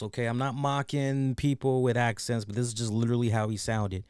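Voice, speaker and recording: A man's voice: medium pitch, fairly even intonation, brisk, few pauses, a little mellow, smooth, dry recording, clean studio sound. A man hosting a podcast, telling a personal story in a frank, profane, casual way with many fillers. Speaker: podcast host.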